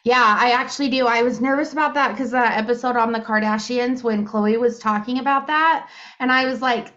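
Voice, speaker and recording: A woman's voice: fairly high pitch, steady tone, fairly quick, hardly any pauses, fairly bright tone. A woman in her thirties co-hosting a podcast, chatting casually with lots of fillers and giggles. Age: 30s. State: hiccups. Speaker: podcast co-host. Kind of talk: casual chat. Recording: muffled lo-fi podcast audio.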